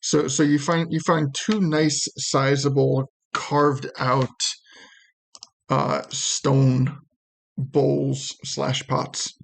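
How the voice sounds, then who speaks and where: A male game master narrates a tabletop role-playing scene at an unhurried pace. His voice carries a gravelly fry, and he halts and restarts often while he describes the world. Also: medium pitch, flat delivery, a little hiss or hum. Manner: hesitant, halting, full of fillers and restarts.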